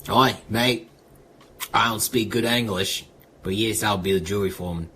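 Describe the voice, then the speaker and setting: A man doing a gruff, blunt Australian bloke. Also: lowish voice, normal speed, pushed and bright, a little hiss or hum.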